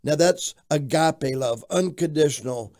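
An older pastor from Florida, telling his life story in an interview with an animated storytelling manner. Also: a little high, measured pace. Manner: animated storyteller who shouts out quoted lines.

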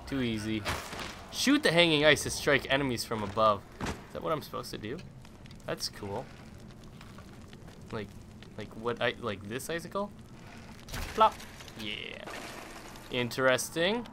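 A young man talks his way through a video game, joking, teasing and breaking into the odd sudden shout. His voice sits at an ordinary middle pitch. Clear background noise and game ambience run steadily under him. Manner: playful, jokey, loud sudden outbursts. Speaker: let's play host. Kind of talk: gameplay commentary.

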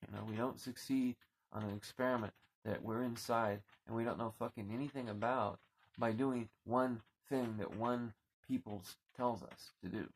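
A man's voice: medium pitch, fairly even intonation, normal speed, slight background noise, low-quality recording. A man venting in an angry, profane rant to his vlog viewers, often stumbling over and repeating his words as he gets worked up, recorded on his anchored boat. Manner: heated, swearing, repeating words when worked up. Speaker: vlogger.

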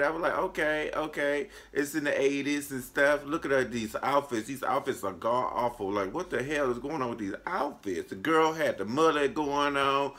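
A man in his late twenties giving a sassy, animated casual movie review, calling the viewer honey and jumping into a high voice when he quotes himself. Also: moderate pace. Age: late 20s.

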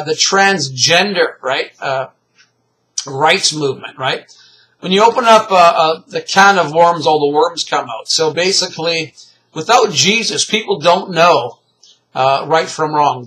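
A middle-aged man giving rambling, animated religious commentary, full of fillers and chuckles. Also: on the high side, a little slow, rough recording. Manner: animated, rambling, laughs often, frequent fillers.

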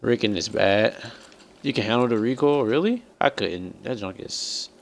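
A young man streaming a shooter game, his voice jumping all over the place as he reacts to the match. He talks with a gravelly edge, frustrated and excitable, with faint noise and gunfire in the background. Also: mid-range voice, moderate pace. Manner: frustrated, excitable, talking to chat and teammates. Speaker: gaming streamer. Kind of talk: live-streamed game commentary.

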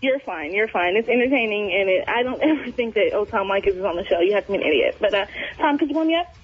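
A woman's voice: medium pitch, animated, quick pace. A woman calling in to a radio show, gushing and giggly as she talks. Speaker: caller. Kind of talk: phone call to a radio show. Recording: tinny phone line.

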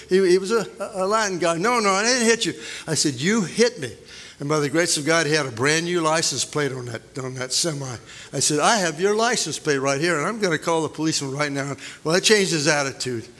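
Pastor guy, kinda high voice, rambly folksy sermon story, echoey church. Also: pushed and bright. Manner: folksy storytelling with many fillers. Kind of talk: sermon with prayer and personal story. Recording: long church hall reverb.

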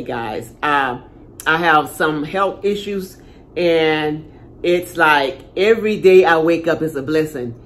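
Chatty older woman addressing her viewers. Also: low-pitched. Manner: warm, chatty, repeats herself, talks straight to viewers. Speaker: channel host. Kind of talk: casual talk to viewers.

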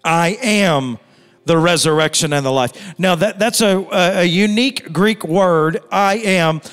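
A man's voice: high voice, unhurried, a bit bright, clean tone, big-room sound, faint music behind. A middle-aged man pastor preaching a sermon, emphatic, with repeated phrases and rhetorical questions. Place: church hall.

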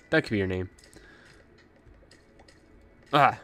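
A young man gives casual let's play commentary, chatting as he plays and calling out to the enemies on screen. He is a little out of breath, and his voice sits in an ordinary middle pitch. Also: expressive, measured pace, fairly bright tone. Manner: chatty, talks to the game's enemies. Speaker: gaming channel host.

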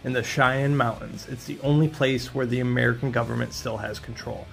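A man's voice: mid-range voice, flat delivery, fairly quick, creaky, fairly bright tone, soft background music. A man reading the lines of a desperate mother fleeing with her children, in his own plain voice. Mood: urgent.

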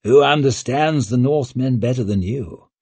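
A man doing a smooth scheming nobleman. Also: medium pitch, normal speed, mellow, no room sound, voice pushed up. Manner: persuasive, calculating.

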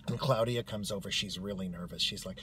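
A man telling a comic personal story in a wry, animated way. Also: on the low side, a little fast, slightly rough.

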